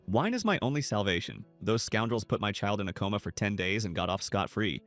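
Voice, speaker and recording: A grieving drunk father with a low voice spits angry outbursts in a storybook recap, as a male narrator voices him. His tone stays bitter and loud. Soft music plays beneath. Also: animated, brisk.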